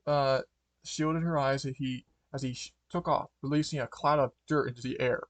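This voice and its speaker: A man's voice: mid-range voice, steady tone, moderate pace, no room sound. A man reads a fan-written story aloud in an ordinary mid-range voice. The sound is close and dry. He trips over words, backs up and corrects himself constantly. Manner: stumbling, frequent restarts and fillers. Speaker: fanfiction reader.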